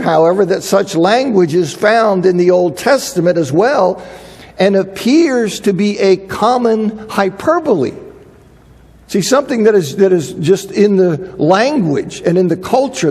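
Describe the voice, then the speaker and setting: A man's voice: sits high, creaky, a little mellow, slightly rough, in a large hall. A man teaching a Bible lecture, emphatic and fond of repeating phrases to drive a point home.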